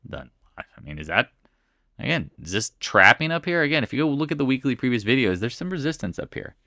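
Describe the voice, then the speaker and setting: A man's voice: mid-range voice, very animated, fairly quick, pushed and bright, dry recording, studio quality. A man giving casual, blunt market commentary over stock charts, often saying "again" and "right?" and breaking into exclamations.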